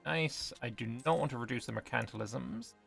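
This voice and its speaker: Over soft background music, a British man brisk and gravelly in a mid-range, slightly bright voice commentates his strategy-game livestream. He trades banter with chat in British English and swears casually.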